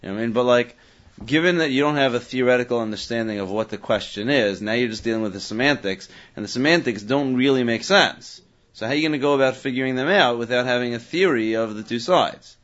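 Male Talmud teacher, animated, mid-pitched voice, slightly dull lo-fi recording. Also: fast talker. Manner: animated, questioning, thinks aloud with many restarts. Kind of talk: Talmud study discussion.

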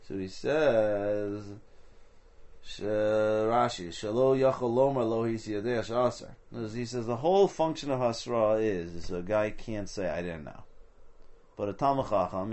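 A man leads a Talmud study session in a somewhat low voice. He explains each point step by step and drops Hebrew and Aramaic terms into his English. He keeps asking rhetorical questions as he goes. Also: expressive, moderate pace, gravelly, a little mellow. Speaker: Talmud teacher.

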